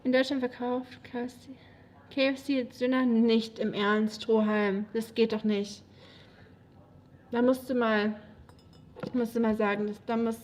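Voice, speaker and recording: A woman's voice: fairly high pitch, a little mellow, a little hiss or hum. A woman with a German accent, a native German speaker, chatting casually on a livestream, rambling with many fillers and frequent laughs. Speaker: livestreamer reading chat.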